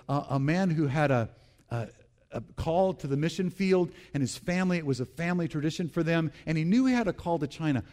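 A man's voice: on the high side, darkish tone. A male pastor preaching a sermon, repeating key phrases and calling on the congregation to respond.

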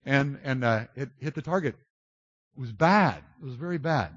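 A man preaching a sermon, animated and self-described loud, swinging from big outbursts to low confiding tones. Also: moderate pace, slightly rough, no echo, dull audio. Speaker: pastor.

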